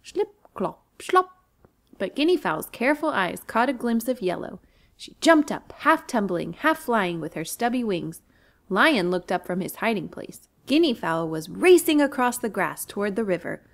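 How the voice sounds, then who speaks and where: A woman reads a children's storybook aloud as a librarian. Her pitch swings widely and the delivery is animated. She sounds expressive and clear. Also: moderate pace.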